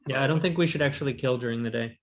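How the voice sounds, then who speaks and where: A man's voice: mid-range voice, rapid-fire. Blunt man arguing game strategy. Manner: blunt, decisive strategy talk. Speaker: game player.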